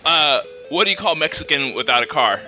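A man co-hosting a podcast in casual comedic chat, excitable and laughing a lot. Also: on the high side, brisk, faint music behind. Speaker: podcast co-host.

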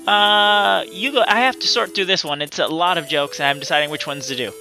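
Giggly, bright-voiced male podcast co-host. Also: a little high, brisk, faint music behind. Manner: giggly, reads out jokes. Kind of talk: casual comedic chat.

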